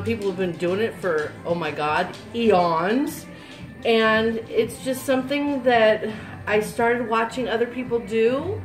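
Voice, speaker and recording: A woman's voice: medium pitch, echoey room. A middle-aged woman, chatting in a bubbly, upbeat way while she shows how she makes soap. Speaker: soap maker. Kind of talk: casual how-to vlog.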